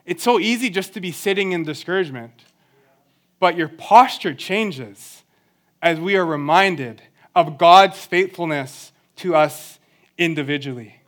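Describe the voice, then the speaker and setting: Earnest high-voiced young man preaching. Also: lively intonation, a little slow, a bit bright. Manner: earnest, conversational, self-deprecating humor. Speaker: church speaker. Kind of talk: sermon.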